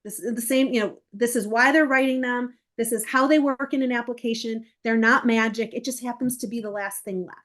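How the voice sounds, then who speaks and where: Woman, middle-aged, slightly high voice, animated, quoting emails and parents in character. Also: fairly quick, few pauses. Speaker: college essay coach. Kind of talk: interview guest explaining.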